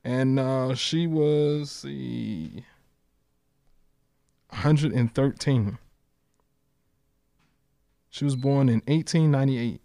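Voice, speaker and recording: A man's voice: mid-range voice, extremely slow, vocal fry, pauses often, warm tone, dry recording. A man co-hosting a podcast in casual chat, blunt and profane, reading out facts. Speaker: podcast co-host.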